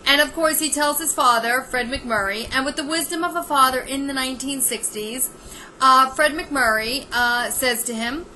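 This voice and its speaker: A woman vlogger delivers a sarcastic comedic rant. Her voice sits high and cuts through with a very bright, forceful edge. She sounds exasperated, and a faint hiss of noise runs behind her. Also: normal speed, poor audio.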